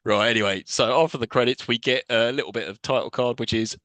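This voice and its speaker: A man talks fast on a podcast, his voice bright and forward as he retells film scenes with incredulous, animated swearing. The sound is close and dry, with no room around it. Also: medium pitch, no room sound. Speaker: podcast co-host. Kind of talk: casual film review chat.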